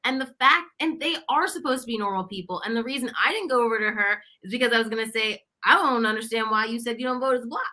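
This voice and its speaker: A woman guest in a casual political chat, talking earnestly and reflectively with halting restarts. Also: a little high, pushed and bright. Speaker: podcast guest.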